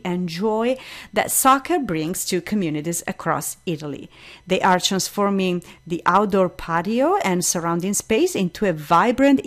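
A woman radio host presenting a bilingual show, reading event promotions in a lively way and moving between Italian and English. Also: medium pitch.

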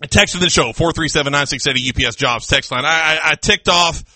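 Man, sports radio host, high bright voice, excitable mock-outraged rants, dry close studio mic. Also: fast, no echo. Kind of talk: casual sports radio chat. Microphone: studio microphone with headphones.

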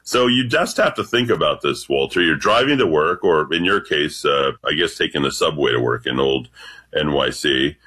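Deep husky guy on late night radio, bright forceful tone, voice swings all over. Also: normal speed. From United States. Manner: deep voice remarked on by host, lively delivery. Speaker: radio show regular guest.

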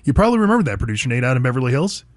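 A man's voice: mid-range voice, sing-song, very fast, no room sound. A man hosting a talk radio show, speaking bluntly and conversationally about the news and old times with his producer. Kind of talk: opinionated talk radio monologue.

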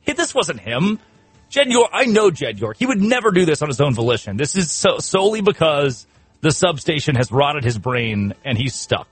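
A man's voice: a little high, big pitch swings, normal speed, slightly rough, faint music behind. A man hosting a sports radio show, riffing in comic talk with laughter and mock outrage.

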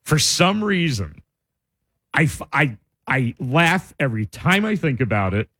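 A radio co-host in the studio talks in an unhurried, mid-range male voice. Lively and amused, he narrates stories through informal chatter and regularly breaks into laughter.

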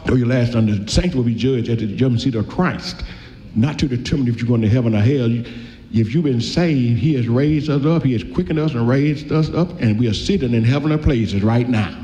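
A man preaching a sermon in a folksy way, reading scripture slowly and then rushing through his asides. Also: medium pitch, warm tone. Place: church. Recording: echoey hall, dull lo-fi sound.

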